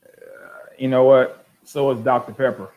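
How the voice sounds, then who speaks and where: An older man hosting a show, reading online comments aloud and answering them with exasperated sarcasm. He keeps repeating words in quick restarts. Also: mid-range voice, level tone, narrow, tinny audio. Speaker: host.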